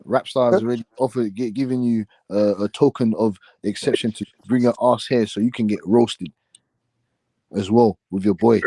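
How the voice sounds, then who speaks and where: A man's voice: fairly low pitch, fairly even intonation, moderate pace, dark tone, breathy edge, no room sound. A man in a heated casual debate, mocking and talking over the other speaker.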